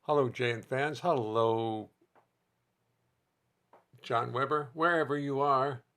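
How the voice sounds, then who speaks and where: A host and musician streams live and casually from his home music studio, rambling, chatting, and joking with viewers. His mid-range voice is a bit bright, and he takes things slowly.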